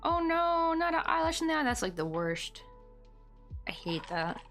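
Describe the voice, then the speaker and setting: A woman's voice: high voice, sing-song, measured pace, fairly bright tone, faint music behind. A woman in her thirties hosting a crochet livestream, chatting casually in a rambling way with lots of fillers and easy laughs.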